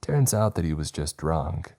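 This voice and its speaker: A man's voice: very deep voice, sing-song, unhurried, vocal fry, dark tone, full character voice. A man voicing a blunt young woman patient who teases and scolds. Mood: teasing.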